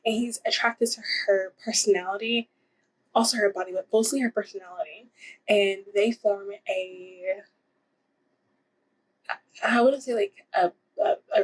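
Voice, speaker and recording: A woman's voice: medium pitch, husky, rough recording. A young woman casually reviewing romance books in a rambling, giggly way, with lots of fillers. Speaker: book vlogger. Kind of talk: casual book review vlog.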